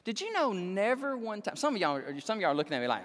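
A man preaching a sermon, animated and exclaiming, joking with the congregation. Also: sits high, quick pace, hardly any pauses. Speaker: pastor. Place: church sanctuary. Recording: long hall reverb.

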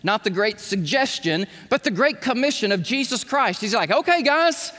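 A man preaching a sermon to his congregation, swinging from hushed asides to shouts and asking them to speak along. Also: high-pitched, normal speed. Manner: animated, shifting from hushed to shouting, calls on the congregation. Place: church sanctuary. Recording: long hall reverb.

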